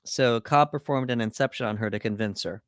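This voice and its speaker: Here a man with a medium-pitched, brisk voice co-hosts a podcast, casually going over a film's plot from his notes with lots of fillers. It's studio quality with no room sound, a relaxed film breakdown chat.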